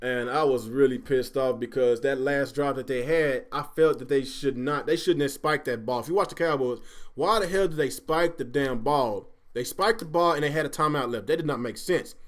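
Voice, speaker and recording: A man hosting a casual gaming livestream, animated and quick to swear when riled up. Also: medium pitch. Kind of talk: casual chat.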